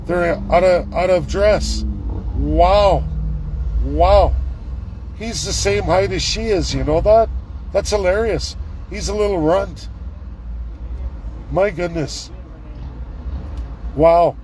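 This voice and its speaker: A middle-aged man, live-vlogging from a city street on his phone, ranting and repeating excited exclamations. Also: high voice, slow pace, pauses often, a little hiss or hum, rough recording. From Canada. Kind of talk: live street vlog commentary. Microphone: handheld phone camera.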